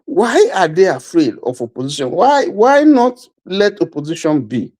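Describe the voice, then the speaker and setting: A man's voice: high-pitched, sing-song, normal speed, a little mellow. A Nigerian man joining a livestream discussion as a guest, talking conversationally in a mix of Pidgin and English. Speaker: guest caller.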